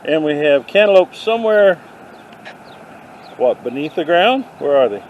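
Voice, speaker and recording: A man vlogging a walk through an outdoor garden, dropping deadpan puns as he goes. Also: on the high side, normal speed, phone-quality sound. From not from the South. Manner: deadpan punning asides. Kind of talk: joking walk-through commentary. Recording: faint outdoor noise.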